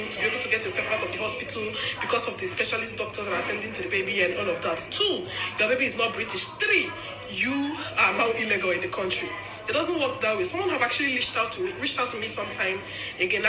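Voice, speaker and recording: A young woman vlogger telling a story in a chatty, emphatic way, often adding tag questions. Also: mid-range voice. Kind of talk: casual storytelling chat. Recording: roomy with faint noise.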